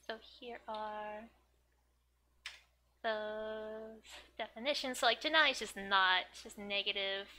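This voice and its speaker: A woman gives a casual manga reading lesson in Japanese, chatty and giggling often, peppering her speech with "like" and "um." She reads the manga lines in high, excited character voices. She speaks slowly with long pauses, and there's slight background noise.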